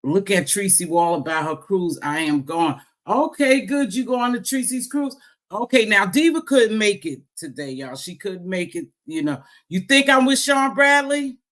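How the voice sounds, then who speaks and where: A woman's voice: mid-range voice, very animated, normal speed, a bit bright. A woman hosting a casual livestream, talking straight to her viewers in a playful, teasing way with lots of exclamations. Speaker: livestream host. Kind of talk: casual live chat.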